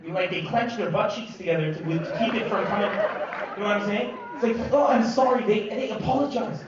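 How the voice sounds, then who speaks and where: A Lebanese stand-up comedian works the crowd live in a large comedy venue, loud and animated, his fairly high voice moving at a fairly quick clip. He sounds distant in a booming, echoey hall, and the dull, lo-fi recording carries background noise along with a loud audience laughing behind him.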